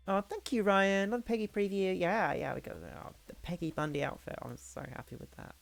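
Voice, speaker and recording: A woman streamer in a casual hangout chat, talking fast and loose with frequent laughs and restarts. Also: mid-range voice, creaky, soft background music. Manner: chatty, laughing, restarts sentences.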